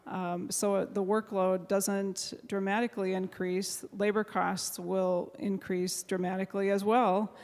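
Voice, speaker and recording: Halting woman senator in a reverberant chamber. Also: medium pitch, darkish tone. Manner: halting, many fillers and restarts, moved to tears near the end. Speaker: state senator presenting a bill. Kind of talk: floor speech. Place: large legislative chamber. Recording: reverberant chamber floor mic.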